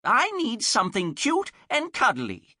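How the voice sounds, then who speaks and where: A man's voice: very high voice, huge pitch swings, measured pace, bright, forceful tone, no room sound, clean studio sound, pitched above the performer's own voice, full character voice. A man voicing a pushy, folksy old lady customer with an insistent manner, in a storybook reading.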